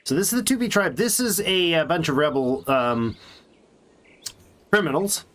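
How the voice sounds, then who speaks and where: A man's voice: on the high side, animated, moderate pace, a bit bright. A man casually commenting on his strategy game as he plays, chatty and thinking aloud with little jokes to himself. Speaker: let's play streamer.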